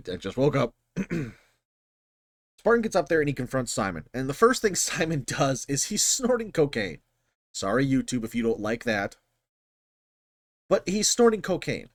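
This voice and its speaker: A man's voice: medium pitch, measured pace, long pauses, no room sound, clean studio sound. A man hosting his channel, talking through a film scene in casual, rambling commentary with frequent swearing. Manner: rambling, profane, animated. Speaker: channel host.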